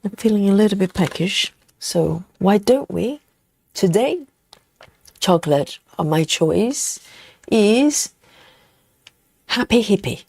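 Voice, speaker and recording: A woman hosting a relaxed live cross-stitch stream, chatting casually with viewers as she stitches. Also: lowish voice, slow, gravelly. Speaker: host of a cross-stitch livestream. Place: at home in the evening.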